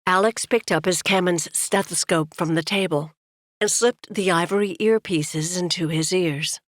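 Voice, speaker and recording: A woman narrating an audiobook in a steady, measured way. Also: on the low side, dry recording, studio quality.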